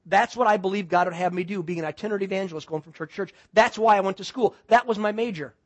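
A man from Wisconsin, a pastor preaching a sermon, telling a story in an animated way and acting out the people in it. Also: high voice, fast talker.

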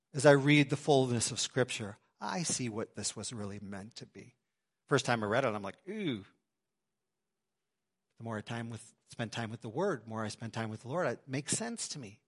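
A man preaching a sermon to his congregation in a church, swinging between loud emphasis and quiet asides. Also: a little high. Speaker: pastor. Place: church sanctuary.

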